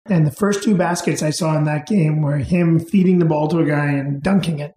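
Interview guest, man, easygoing rambling stories; mellow, slightly high voice in a reverberant room. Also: fairly quick. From England, raised in Canada. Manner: relaxed, rambling with fillers and restarts. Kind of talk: casual storytelling.

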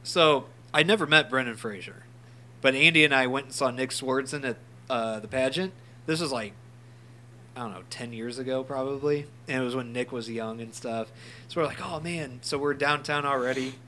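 A man's voice: mid-range voice, moderate pace, bright, forceful tone, a little hiss or hum. A man co-hosting a casual podcast, telling a funny story with plenty of laughs and swearing. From St. Louis area. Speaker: podcast co-host. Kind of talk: casual chat.

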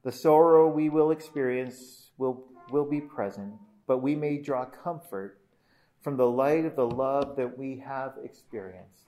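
Delivering a eulogy at a funeral, this mid-range-voiced pastor speaks earnestly and with measure, often starting phrases over and letting his line endings trail off softly.

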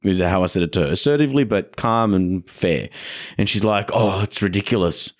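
A man's voice: low voice, brisk. An Australian man, a dog trainer and podcast host, chatting casually and acting out the people in his stories. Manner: animated storyteller, acts out quotes.

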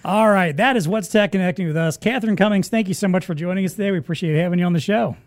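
A man hosting a casual tech podcast, chatty and quick to laugh, with plenty of fillers. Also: high-pitched, no room sound. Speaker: podcast host.

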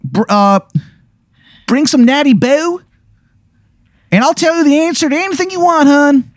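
A man putting on a shady stranger in a trench coat with an exaggerated, high, nasal Baltimore accent. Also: normal speed, dry recording, studio quality. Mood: sleazy.

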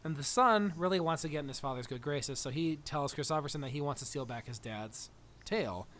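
Animated man retelling scenes. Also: on the high side, a little fast. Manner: animated retelling, acts out quotes. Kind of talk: casual chat.

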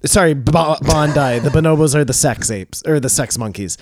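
A man co-hosting a podcast chats casually, rambling with plenty of fillers and restarts. His voice is fairly high-pitched and moves at a moderate pace.

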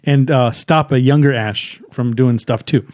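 A man co-hosting a film review podcast, telling the plot in casual chat, halting with fillers and acting out lines. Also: medium pitch, fairly even intonation, darkish tone, no room sound.

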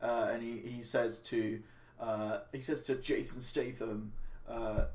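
A man narrating as game master of a tabletop game, halting and full of fillers. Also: medium pitch, little pitch movement, a little hiss or hum.

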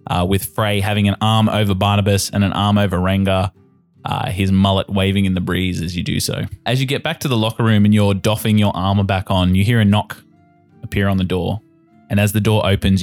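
A man as game master narrating a tabletop game in a casual, chatty way with lots of fillers. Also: sits low.

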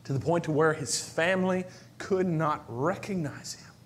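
A man preaching a sermon as pastor, moving from near-whispers to shouted cries and repeating phrases for emphasis. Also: a little high, moderate pace, slight background noise.

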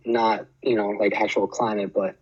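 A man's voice: fairly low pitch, little pitch movement, normal speed, husky, highs cut off. A man from Boston chatting casually as a podcast guest over a remote call, laid-back and laughing often. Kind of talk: casual chat.

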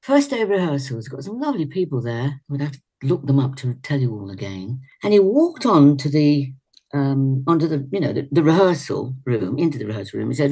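An older actress and singer telling chatty anecdotes as an interview guest, laughing often. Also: female voice, rumbling low, big pitch swings, a little fast, mellow, breathy edge.

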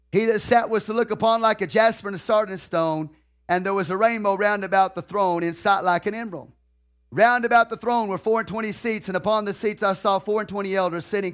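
High-voiced man preaching emphatically. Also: a bit bright. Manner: emphatic, repeats key phrases and questions the congregation; drawn-out, deliberate delivery of emphasized phrases. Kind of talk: sermon.

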